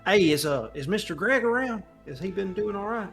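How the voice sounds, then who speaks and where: A man's voice: high voice, expressive, a little fast, creaky, fairly bright tone, soft background music. A man role-playing his character in a tabletop game, friendly and folksy, saying ma'am and y'all. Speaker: player.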